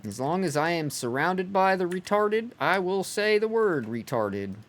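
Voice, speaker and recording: A man's voice: high-pitched, big pitch swings, measured pace, a bit bright. A man ranting heatedly and profanely during a game live stream, sometimes mocking others in put-on voices. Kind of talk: live-stream rant while gaming.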